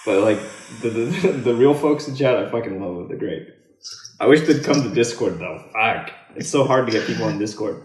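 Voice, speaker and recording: A man's voice: mid-range voice, animated, moderate pace, a little mellow, roomy sound. A man hosting a casual live-stream chat, talking in a laid-back, encouraging way, calling people "dude" and swearing freely. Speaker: host.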